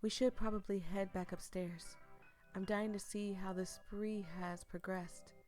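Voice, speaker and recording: A woman voicing a calm, eerie young woman hosting a party, speaking softly in a measured, unsettlingly gentle way. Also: mid-range voice, soft background music, lightly acted.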